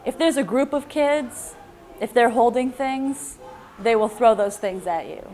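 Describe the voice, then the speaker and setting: Wry woman, slightly high voice. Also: unhurried, a little mellow. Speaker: moped club member. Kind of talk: casual interview.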